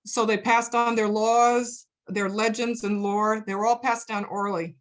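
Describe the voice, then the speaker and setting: A woman's voice: on the high side, flat delivery, a little slow. A woman giving a friendly, explanatory lecture in a virtual presentation, over a computer microphone. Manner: friendly, explanatory, with frequent ums.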